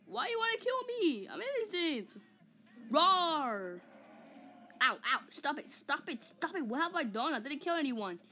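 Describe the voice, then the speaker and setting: A woman's voice: sits high, lively intonation, fairly quick, few pauses, sharp tone, slight background noise. A woman voicing a vain, hot-tempered giant male ape in a comic fan dub, taunting and boasting with mock roars. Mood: whiny, angry.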